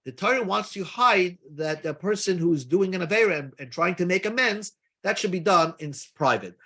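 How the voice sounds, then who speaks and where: The voice is high, a touch bright, and slightly rough: a man leading a daily Talmud lesson. He breaks the text down step by step, with offhand comments and Hebrew and Aramaic woven throughout.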